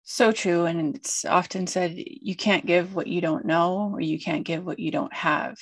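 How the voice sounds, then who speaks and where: A woman's voice: on the low side, steady tone, a little slow. A woman interviewing a guest, speaking in an earnest, affirming way. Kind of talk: interview talk.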